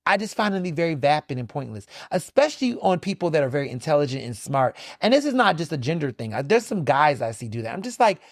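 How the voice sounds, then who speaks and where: A male podcast host chatting casually and sassily on his own, swooping into high pitch for emphasis. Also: very animated, fast, hardly any pauses, no room sound, studio quality. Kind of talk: casual solo chat.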